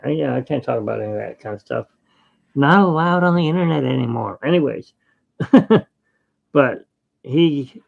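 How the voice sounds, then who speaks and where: A man's voice: mid-range voice, creaky, highs cut off. A man hosting his channel, chatting casually and rambling with jokes while he draws. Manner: rambling and jokey. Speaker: artist and channel host. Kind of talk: casual chat while drawing.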